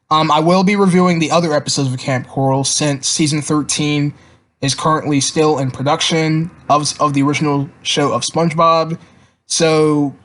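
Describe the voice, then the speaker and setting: A man's voice: on the high side, a bit bright. A man casually reviewing cartoon episodes, rambling with lots of fillers and repeated words.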